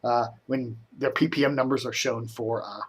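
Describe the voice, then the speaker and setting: A middle-aged man from the Washington DC area, talking casually to camera about the news, rambling with lots of fillers and getting animated when riled. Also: medium pitch, normal speed, husky. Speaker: media commentary vlogger. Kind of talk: casual solo commentary.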